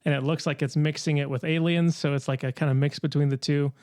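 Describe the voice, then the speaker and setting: A man's voice: fairly high pitch, steady tone, fast, darkish tone, no room sound, studio quality. A man co-hosting a casual podcast, enthusiastic about what he likes. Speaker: podcast co-host. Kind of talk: casual chat.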